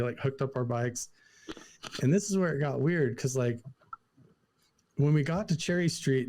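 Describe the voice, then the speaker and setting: A young man from Idaho, a podcast guest, telling a personal story in a casual, animated way, full of "like" and acted-out quotes. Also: mid-range voice. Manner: animated, lots of "like" fillers, acts out quotes.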